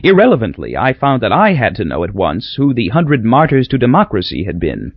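A man reading an audiobook in a wry, measured storytelling voice. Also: mid-range voice, huge pitch swings, husky, no room sound, lo-fi sound. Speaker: audiobook narrator. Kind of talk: scripted narration.

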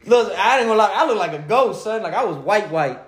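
A man's voice: high voice, fast talker. Laid-back man telling stories, roomy echo. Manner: animated, acts out quotes, laughs often. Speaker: podcast co-host. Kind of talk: casual storytelling chat. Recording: echoey room.

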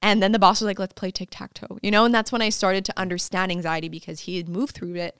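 A woman's voice: mid-range voice, flat delivery, fast, a bit bright, clean tone, dry recording, clean studio sound. A woman guest on a podcast, chatting casually and laughing as she acts out what people said to her. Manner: bubbly, laughing, acts out quotes in voices. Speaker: podcast guest, fitness coach. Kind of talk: casual interview chat.

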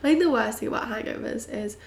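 A young British woman hosting a casual solo podcast, bubbly and chatty with frequent giggles, her voice a little croaky and husky. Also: fairly high pitch, fast. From Britain. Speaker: podcast host. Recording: roomy echo.

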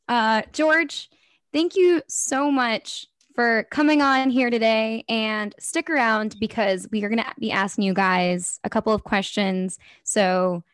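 A woman's voice: a little high, takes it slowly, clean tone, dry recording, clean studio sound. Giggly young woman hosting college radio. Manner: giggly and self-deprecating. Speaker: radio host and station manager. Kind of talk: casual radio chat.

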